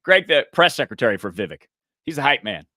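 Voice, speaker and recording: A chatty co-host man from the United States with a bright, forceful voice, laughing easily as he talks politics and life. The sound is close and dry, with no room around it. His pitch sits mid-range for a man. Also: fast talker, no room sound. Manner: animated and chatty, laughs often. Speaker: news talk show co-host. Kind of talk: casual political chat.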